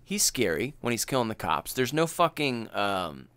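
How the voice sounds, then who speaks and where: An excitable podcast host who chats casually and swears freely as he talks. His voice is bright and sharp, and his pitch swings up and down a lot. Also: moderate pace, clear, resonant tone. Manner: excitable and profane, acts out film quotes. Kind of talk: casual podcast chat about a film.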